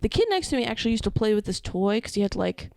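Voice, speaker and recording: A woman's voice: mid-range voice, very animated, fast talker, vocal fry, a little mellow, no room sound, studio quality. A young woman co-hosting a casual podcast chat, playful and crude, with jokey asides. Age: young adult. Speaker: podcast co-host.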